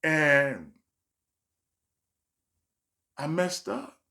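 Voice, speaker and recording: A man's voice: a little high, sing-song, extremely slow, vocal fry, pushed and bright. A man, a stand-up comedian, telling a rambling personal story with restarts and self-corrections. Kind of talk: casual storytime vlog.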